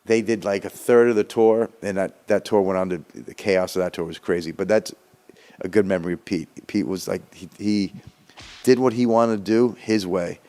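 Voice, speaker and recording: A man's voice: low voice, moderate pace, dark tone. A middle-aged man telling a loose, laid-back story in casual chat, with casual swearing. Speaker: musician sharing a memory.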